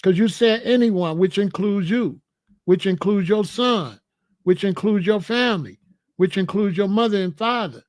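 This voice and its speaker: Confrontational man with a high voice. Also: moderate pace, a little mellow, no echo, studio quality. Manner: confrontational, repeats questions, preachy. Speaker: host answering a viewer. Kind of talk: live-stream commentary.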